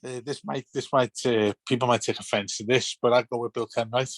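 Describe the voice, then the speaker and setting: A man's voice: mid-range voice, fairly even intonation, fairly quick, no echo. A man chatting on a casual podcast, rambling and restarting his sentences. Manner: rambling, repeats words when starting sentences. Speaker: podcast guest.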